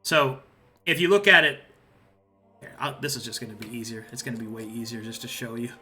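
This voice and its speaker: Bright-voiced male game master. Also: mid-range voice, a little fast, faint music behind. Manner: explains with many fillers and restarts. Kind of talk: casual tabletop narration.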